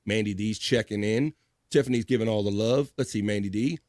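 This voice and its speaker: A man hosting a live stream in casual chat, reading viewer messages aloud with upbeat, profane shout-outs. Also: lowish voice, fairly quick, dry recording, clean studio sound.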